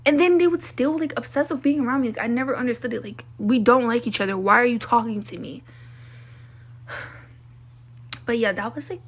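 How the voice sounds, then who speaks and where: A woman's voice: a little high, slightly rough. Blunt, exasperated young woman vlogger. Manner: blunt, exasperated, heavy use of "like". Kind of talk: casual storytime rant.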